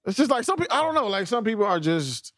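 A man in his thirties co-hosting a casual podcast chat, laid-back and profane, talking in quick bursts with restarts. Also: high-pitched, very animated, fairly bright tone, no echo, studio quality. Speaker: podcast co-host.

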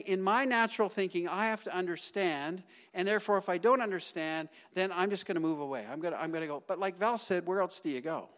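A middle-aged man preaching a sermon as pastor, swinging between loud emphatic bursts and hushed, low asides.

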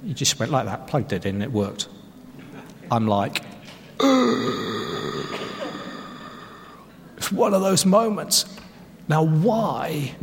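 A man preaches to his congregation, his voice sitting a little high for a man. He tells stories with self-mocking humour and leans hard on his key phrases. The sound carries a long reverb from the hall around him. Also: animated, a little slow, a little hiss or hum. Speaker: pastor. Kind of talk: sermon.

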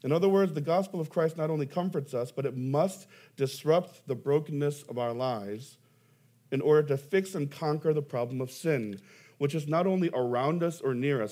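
Animated young male pastor preaching. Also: mid-range voice, normal speed. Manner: animated storytelling, self-deprecating humor, emphatic rises. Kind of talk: sermon.

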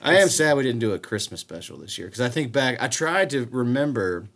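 A man co-hosting a podcast in casual banter, animated and profane. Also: mid-range voice, brisk. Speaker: podcast co-host.

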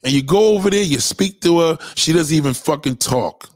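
At a normal speed and in a slightly high voice, a man tells stories to camera as a comedic rant, swearing heavily and leaning on street slang. He animatedly performs the voices he quotes. The studio sound is clean and dry.

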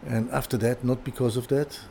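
The speaker is an older furniture designer, a guest in an interview, telling a casual story with many stops, restarts and repeated words. His medium-pitched voice is creaky and mellow, with fairly even intonation, and a little hiss or hum runs underneath.

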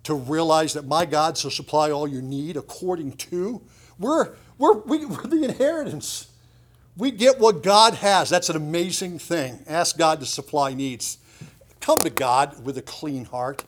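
A middle-aged man preaching to his congregation in a church. He talks in a loose, conversational way, leaning into points with sudden emphasis and casual asides. His voice sits a little high for a man. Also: lively intonation, measured pace. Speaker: pastor. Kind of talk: sermon.

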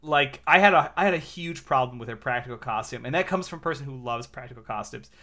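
A man co-hosting a comic book podcast in casual chat, animated and halting, with frequent restarts. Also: medium pitch. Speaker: podcast co-host.

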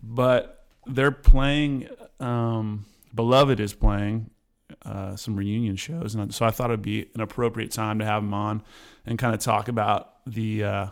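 A man hosting a podcast in a relaxed, joking way, with lots of fillers and restarts. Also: lowish voice, a little slow. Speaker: podcast host. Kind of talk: casual interview chat.

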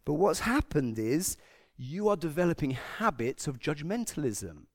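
A man's voice: fairly high pitch, normal speed. A man from Britain giving a conversational sermon, acting out quotes as he goes. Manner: conversational, animated, acts out quotes. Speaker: preacher.

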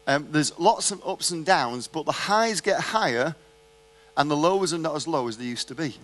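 A man's voice: a little high, fairly bright tone. A man preaching a sermon, telling a personal story and asking the audience rhetorical questions in a conversational way.

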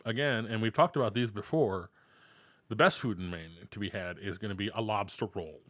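A man's voice: lowish voice, a little fast, fairly bright tone, dry recording. A man co-hosting a casual podcast, reading food facts aloud between restarts. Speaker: podcast co-host.

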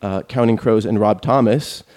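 A man's voice: fairly low pitch, normal speed, darkish tone. A man hosting a casual group podcast chat, rambling and joking as he reads out concert listings.

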